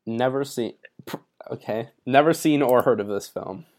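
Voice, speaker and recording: A young man hosting a podcast in casual chat, playful and quick to laugh. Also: mid-range voice, darkish tone. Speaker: podcast host.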